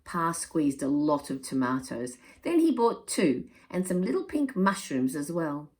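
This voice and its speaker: A woman reading a children's picture book aloud in an expressive, measured way. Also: low voice. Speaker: storyteller.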